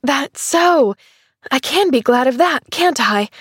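An eager little orphan girl, as a woman reader puts her on, high and breathless, speaking slowly in a dry, close recording. She sounds earnest and bright in this storybook reading. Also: husky, no echo. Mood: hopeful. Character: cheerful earnest orphan girl, around eleven.

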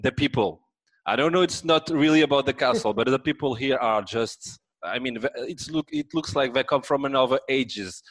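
A man's voice: medium pitch, fairly bright tone, no room sound, low-quality recording. French-accented man, casual chat, hesitant repeats, dry sound. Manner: hesitant, repeats words while searching for phrasing. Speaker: guest.

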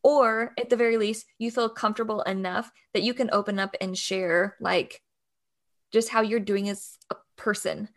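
A woman's voice: medium pitch, steady tone, normal speed. A young adult woman co-hosting a podcast, chatting casually with plenty of "like" and laughter. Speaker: doula podcast co-host.

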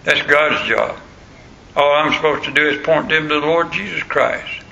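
A man's voice: fairly high pitch, steady tone, moderate pace, vocal fry, pushed and bright, lo-fi sound, slight background noise. A man preaching a sermon as pastor, emphatic, repeating phrases for stress. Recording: roomy echo.

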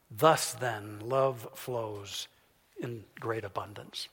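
A man giving a sermon, telling a story as he swings from loud, emphatic peaks down to soft, hushed lines. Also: a little high, moderate pace. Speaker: pastor. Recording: long hall reverb.

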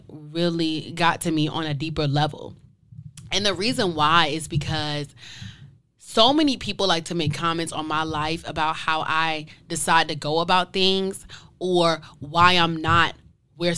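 A woman's voice: low-pitched, a little slow, sharp tone, clean tone, dry recording. Emphatic woman podcast host, dry mic. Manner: emphatic, heartfelt, asks many rhetorical questions; speaks straight to listeners as y'all. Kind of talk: casual podcast monologue.

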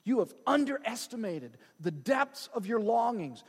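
A man preaching a sermon as pastor, emphatic and animated, repeating phrases for stress. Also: extremely high pitch, moderate pace, gravelly, husky. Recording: long hall reverb.

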